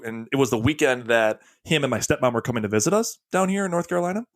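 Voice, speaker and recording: A man's voice: mid-range voice, fast, hardly any pauses, no room sound. A man co-hosting a podcast who tells stories in a joking, rambling way. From United States. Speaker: podcast co-host. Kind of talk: casual chat.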